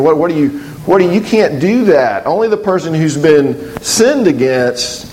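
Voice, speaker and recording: A man's voice: a little high, a little mellow, poor audio. A man as pastor, preaching a sermon in a conversational way, with rhetorical questions and quoted voices.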